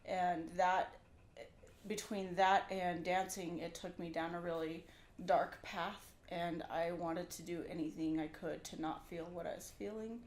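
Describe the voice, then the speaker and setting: A woman in her thirties speaks candidly as a podcast guest, in a somewhat low voice. The room is echoey, with a faint hum underneath. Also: steady tone, unhurried, a little mellow. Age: 30s. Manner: candid, laughs easily. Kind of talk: casual interview.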